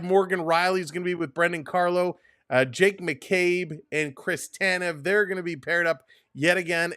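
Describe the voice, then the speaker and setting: A man's voice: fairly high pitch, a bit bright, dry recording, studio quality. A man hosting a live hockey watch-along stream, greeting chat viewers by name in an upbeat, casual way. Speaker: sports stream host.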